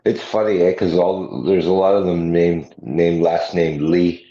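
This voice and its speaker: A man with a very low, mellow voice hosts a livestream, talking slowly in a laid-back way and chuckling often. The sound is muffled and lo-fi, with a roomy echo around him. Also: steady tone. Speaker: livestream host. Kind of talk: casual chat. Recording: muffled lo-fi sound in an echoey room.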